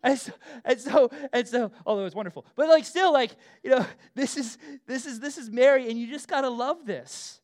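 A middle-aged man preaching a casual, animated sermon, full of asides, fillers and quick questions to the room. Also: very high-pitched. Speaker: pastor.

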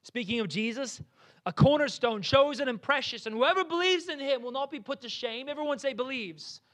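A man's voice: very high voice, fairly quick. A young man from New Jersey with a New Jersey accent, preaching a sermon and telling stories with frequent restarts. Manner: animated storytelling with frequent restarts. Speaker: pastor.

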